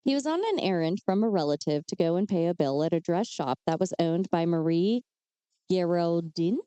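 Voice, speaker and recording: Woman, podcast co-host, casual true crime storytelling, chatty asides, warm tone. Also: on the low side, expressive, moderate pace, clear, resonant tone, no room sound. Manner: reads case details with chatty asides and fillers.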